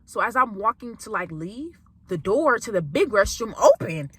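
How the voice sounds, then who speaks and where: Young female vlogger, crisp bright tone, dry close sound, lively storytime delivery with emphatic repeats. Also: mid-range voice, normal speed, dry recording. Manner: animated, exclamatory, speaks straight to viewers as "y'all". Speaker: vlogger telling a college story. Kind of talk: storytime vlog.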